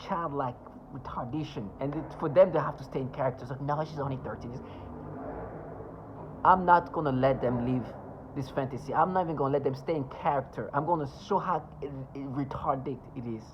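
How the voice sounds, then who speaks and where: A man rambles through a personal monologue, his tone scornful and full of insults, tripping over restarts and asides as he goes. His voice sits at a middling pitch. The recording sounds dull and lo-fi, with a faint hiss underneath. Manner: halting, with many restarts and asides. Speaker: vlogger.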